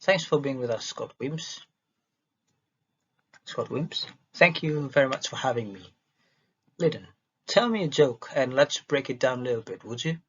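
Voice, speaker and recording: Husky man reading haltingly aloud. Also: mid-range voice, animated. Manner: halting reading with restarts and stumbles. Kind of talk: reading a dialogue transcript aloud. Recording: dull lo-fi recording.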